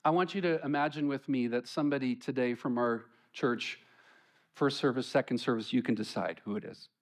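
A man's voice: medium pitch, fairly quick. A man preaching a conversational sermon to his church, lifting his voice when he reads scripture. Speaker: pastor.

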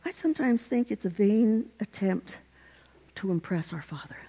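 A middle-aged woman preaching a sermon, animated and exhorting her congregation. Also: medium pitch, normal speed, breathy edge.

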